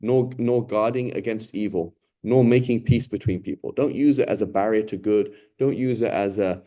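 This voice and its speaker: A man's voice: on the low side, a little fast, hardly any pauses. A man teaching a Ramadan Quran lesson in a conversational, emphatic way, asking rhetorical questions and acting out what people say. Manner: acts out quoted people in lively voices.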